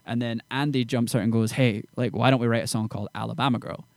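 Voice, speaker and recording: A man's voice: mid-range voice, no room sound. A young man, a songwriter, telling stories animatedly in casual chat full of slang. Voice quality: fast, animated storytelling with slang. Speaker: songwriter guest.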